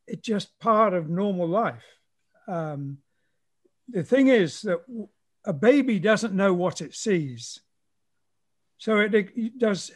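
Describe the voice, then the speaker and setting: A man speaking as a guest in a casual conversation, thoughtfully explaining ideas on drawing at length, as an art teacher. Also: high voice.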